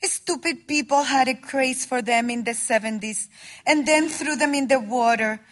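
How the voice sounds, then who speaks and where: A woman's voice: high-pitched, moderate pace, fairly bright tone. An actress playing a friendly, matter-of-fact woman. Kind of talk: comedy drama acting.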